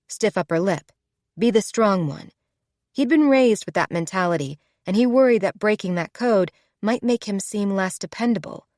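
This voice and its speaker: A woman narrating a romance audiobook in a smooth, measured reading. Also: mid-range voice, a little mellow, no room sound, clean studio sound. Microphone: close studio mic.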